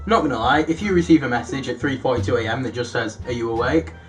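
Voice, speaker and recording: A young man telling self-deprecating stories in a casual vlog, reading out his own old messages with animated, rising delivery. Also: medium pitch, quick pace, soft background music. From United Kingdom. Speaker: YouTuber.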